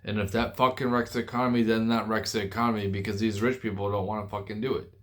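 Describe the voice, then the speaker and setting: A man's voice: fairly low pitch, flat delivery. A young man venting angrily to camera about work and money, swearing often and restarting his sentences. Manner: profane, frustrated, halting with restarts. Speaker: forklift driver venting online. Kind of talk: angry rant to camera.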